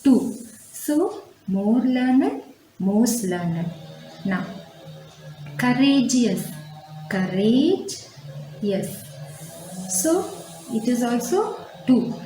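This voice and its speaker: A woman teaching a grammar lesson, stating each word form slowly and repeating herself for emphasis. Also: fairly high pitch, expressive, warm tone, faint music behind. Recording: echoey room.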